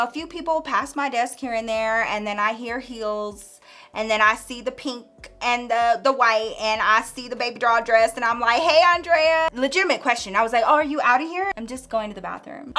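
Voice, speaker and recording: Bright-voiced chatty woman telling a story. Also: fairly high pitch. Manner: chatty, animated, acts out quotes in voices; says "girl" and "like" often. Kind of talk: casual storytime vlog.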